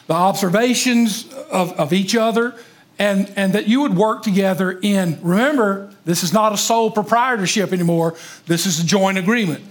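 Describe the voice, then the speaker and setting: A man preaching a sermon to a live congregation, talking emphatically, calling out to the listeners and repeating words as he gets going. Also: high voice. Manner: emphatic, engages congregation directly; repeats and restarts words when excited. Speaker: pastor.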